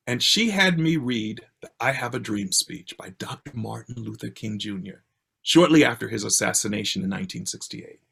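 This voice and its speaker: An older man from Baltimore telling a personal story with a theatrical, expressive delivery, heard over a video call. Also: gravelly, breathy edge. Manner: expressive, theatrical delivery with swings in pitch and pace.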